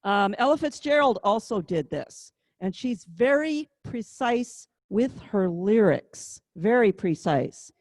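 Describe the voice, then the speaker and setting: Woman music teacher, unhurried and chatty, calls out fingering numbers, dry close sound. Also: on the high side, expressive, darkish tone, no room sound. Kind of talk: online class instruction.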